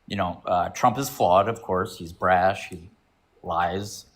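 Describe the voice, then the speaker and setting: A man's voice: low-pitched, fairly even intonation, slow pace. A man calling into a live stream debate, making his case hesitantly with many fillers. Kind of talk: casual argument.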